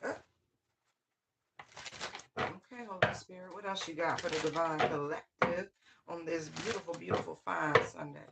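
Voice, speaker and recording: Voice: mid-range voice, moderate pace, creaky, pauses often, very noisy. A tarot reader giving a casual channeled reading, full of slang and swearing, who scolds with sassy call-outs and repeated phrases. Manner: slang-heavy, swears freely.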